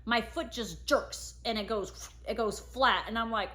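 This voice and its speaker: A woman's voice: a little high, unhurried, bright, forceful tone. A woman in her thirties casually telling a personal family story, acting out her own past words.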